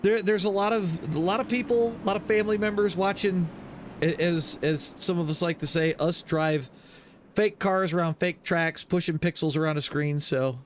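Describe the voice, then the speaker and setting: A man's voice: sits high, normal speed, a little hiss or hum. A man broadcasting a sim racing stream, mixing casual race commentary with joking banter and frequent laughter. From Michigan. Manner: laughs a lot, joking and loose.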